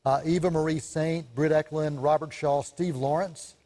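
Need a lively, slightly higher-voiced man co-hosting a film chat show, chatty storyteller who laughs a lot. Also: normal speed. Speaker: co-host, film reviewer. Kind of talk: casual chat about movies.

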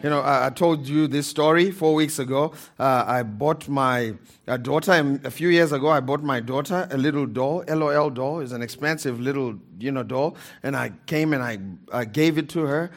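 A man's voice: mid-range voice, normal speed. A man preaching a sermon in a church, repeating key phrases and calling for amens. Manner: calls for amens from the congregation. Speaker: pastor.

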